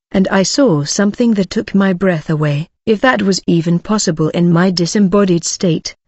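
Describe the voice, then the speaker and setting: A woman narrating a first-person story in a slow, solemn, scripted way. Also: lowish voice, darkish tone, dry recording, dull audio.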